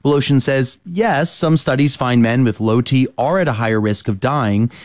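A man reads a news report for radio in a steady, measured voice. The studio sound is dry and close, with no room around him. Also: medium pitch, no echo.

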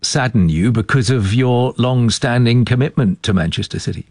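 Husky-voiced male radio presenter. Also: medium pitch, darkish tone, no room sound, studio quality. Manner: measured, introducing guests. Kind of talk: live radio interview. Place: radio studio.

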